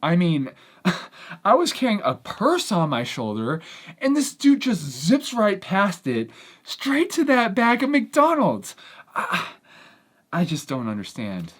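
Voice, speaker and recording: Lady doing a storytime vlog, super expressive voice jumping all over, kinda exasperated. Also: medium pitch, takes it slowly. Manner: animated, exasperated retelling. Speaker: vlogger.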